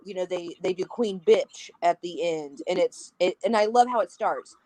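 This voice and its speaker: A woman's voice: fairly low pitch, moderate pace, dry recording, poor audio. A woman chatting casually about a film on a podcast, acting out the characters' lines as she retells scenes. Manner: animated, acts out quoted lines. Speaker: podcast guest.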